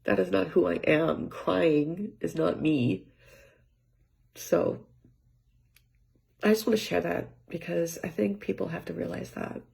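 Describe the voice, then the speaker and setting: Brief: woman vlogger, low-ish voice with heavy vocal fry, soft and halting, drifts into near-whispers. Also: steady tone. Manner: soft-spoken, often trailing into near-whispers; rambling, halting restarts, frequent light laughs. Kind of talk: reflective personal monologue. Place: home with cats.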